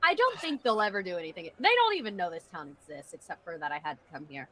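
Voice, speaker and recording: A woman's voice: on the low side, sing-song, quick pace, sharp tone, poor audio. A woman speaking in character in a tabletop game, cheeky and casual. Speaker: player.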